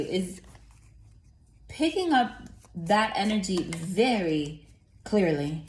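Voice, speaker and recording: A woman giving a casual tarot reading in a chatty, rambling way, full of fillers and casual swearing. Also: medium pitch. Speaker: tarot reader. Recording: roomy echo.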